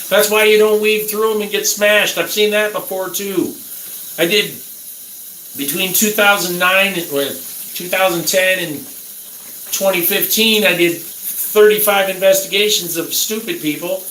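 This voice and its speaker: A man's voice: high voice, a little slow, a bit bright. Ranting man in an echoey bathroom. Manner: crude, angry, ranting at viewers. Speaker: vlogger ranting to viewers. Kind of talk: casual rant. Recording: roomy echo, faint background noise.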